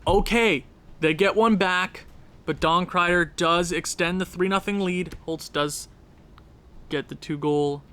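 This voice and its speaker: Excitable young man narrating hockey game. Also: sits high, clear, resonant tone. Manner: excitable, talks fast through game recaps. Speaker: gaming YouTuber. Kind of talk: casual game commentary.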